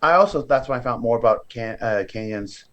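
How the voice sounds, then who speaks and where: A man's voice: medium pitch, brisk, dull audio. A man from California, a professional wrestler, telling his story as a guest in a casual interview and acting out the voices of the people in it. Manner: lively storyteller who acts out other people's voices.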